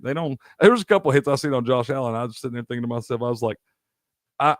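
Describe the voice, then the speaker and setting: A man's voice: mid-range voice, no echo, clean studio sound. A man from Tennessee, hosting a live sports stream, ranting heatedly and profanely while answering chat. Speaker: sports show host.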